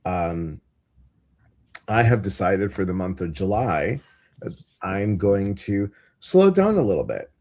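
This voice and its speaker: A man's voice: deep voice, very animated, takes it slowly, pauses often, a little mellow. A middle-aged man hosting a live stream, chatting casually and jokingly and greeting viewers by name. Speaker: host.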